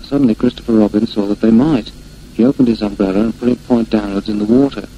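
A man reading a children's storybook aloud in a gentle, unhurried way. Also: lowish voice, fairly even intonation, dull audio, slight background noise.

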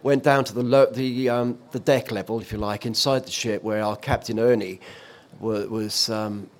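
A man's voice: lowish voice, steady tone, moderate pace. Man recalling a storm at sea. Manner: vivid storytelling with frequent fillers and restarts. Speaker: former offshore radio presenter. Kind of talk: reminiscing in conversation.

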